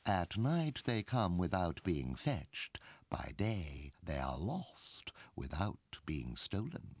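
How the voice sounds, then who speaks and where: A sly, theatrical riddle-master spirit from a video game. His very deep, husky voice rolls slowly and swoops widely as he gloats over his riddles. The sound is dry and close. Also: very animated, darkish tone, exaggerated voice. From game played on stream. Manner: grand, gloating, slow and theatrical.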